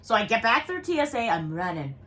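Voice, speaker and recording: A young woman telling a story casually, quick and breathless, saying "like" a lot. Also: fairly high pitch, big pitch swings, a bit bright, a little hiss or hum.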